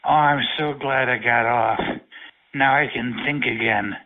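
A man's voice: medium pitch, steady tone, unhurried, background noise. A man making crude prank phone calls, rambling, stammering and talking lewdly. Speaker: prank caller. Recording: tinny phone line.

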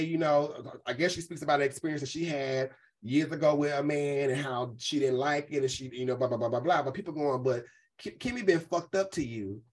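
Female host, casual profane commentary, animated, does quick impressions. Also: fairly low pitch, low-quality recording. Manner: animated, profane, quotes people in voices.

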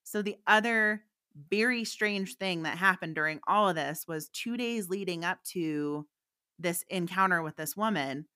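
A woman's voice: on the low side, a little slow, pushed and bright. A woman, a psychic medium guest, telling a story in a candid, chatty way and laughing often. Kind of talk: casual anecdotal storytelling.

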